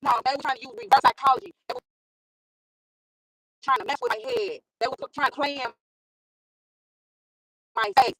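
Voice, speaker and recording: A woman's voice: high-pitched, steady tone, moderate pace, pauses often, a bit bright, no echo, poor audio. A woman vlogger with a school-age son, telling her own story in a casual monologue and repeating phrases for emphasis. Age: adult with a school-age son.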